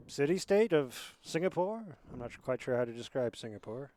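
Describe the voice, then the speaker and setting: A man commentating on a school rugby match from a booth, chatty and rambling, with excited bursts when play picks up. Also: mid-range voice, moderate pace, few pauses. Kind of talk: amateur sports commentary.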